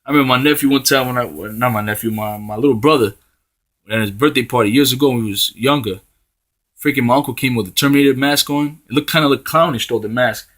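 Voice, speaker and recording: A man delivering a profane, heated street-style sermon, tagging "man" onto his phrases and reading scripture slowly in old-style wording. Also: medium pitch, fairly bright tone. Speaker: preacher.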